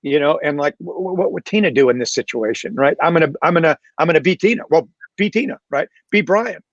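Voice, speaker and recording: A man's voice: fairly high pitch, expressive, fairly quick, no echo, dull audio. A man on a panel talking reflectively, with many fillers and restarts. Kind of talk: casual panel talk.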